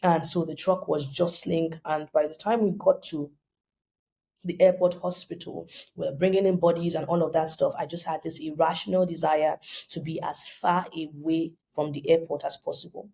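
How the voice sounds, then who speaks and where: A woman's voice: low-pitched, fairly even intonation, normal speed, gravelly, mellow, breathy edge. A woman in her thirties with a Nigerian accent, telling her story animatedly as a podcast guest and acting out the voices she quotes. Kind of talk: storytelling in an interview.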